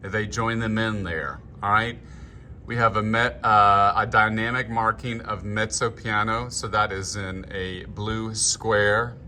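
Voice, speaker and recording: A man leading a choir rehearsal talk-through, explaining markings and singing short phrases in falsetto to show them. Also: fairly even intonation, a little slow, sharp tone, a little hiss or hum. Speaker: choir director. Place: room, filming himself. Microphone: handheld camera.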